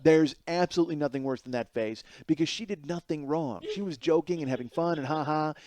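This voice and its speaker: A man in his forties telling a comic story alone as a podcast host, animated and self-mocking, with plenty of swearing, going from loud outbursts to low mutters. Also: fairly quick. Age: 40s. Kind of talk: solo comedic storytelling.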